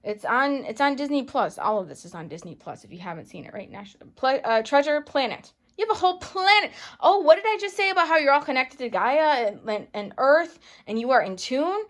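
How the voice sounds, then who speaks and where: Woman, casual tarot reader, slightly high voice, animated and teasing, affectionate pet names. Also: brisk, hardly any pauses. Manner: animated, playful, calls viewers darling and baby; swings between bright bursts and low asides. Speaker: tarot reader and channel host. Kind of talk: casual tarot reading to camera.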